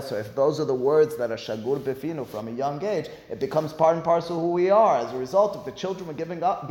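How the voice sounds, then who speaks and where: A man's voice: medium pitch, darkish tone. A man teaching a Talmud lesson, moving between reading the Hebrew and Aramaic text and explaining it in English, and rising to emphatic pleas as he presses his points.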